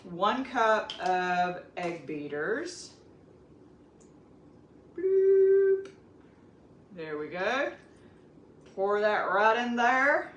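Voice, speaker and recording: A woman's voice: mid-range voice, animated, very slow, fairly bright tone, dull audio. A woman with a Southern US accent hosting a casual cooking demonstration, chatting straight to her viewers. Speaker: cooking video host. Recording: echoey room with faint background noise.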